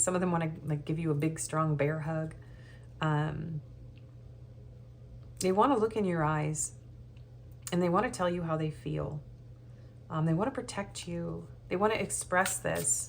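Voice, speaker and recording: Lowish-voiced woman doing a tarot reading, kinda nervous, lots of ums, faint hum in the background. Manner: rambling, hesitant, with many ums and soft laughs. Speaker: tarot reader. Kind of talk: casual tarot reading monologue.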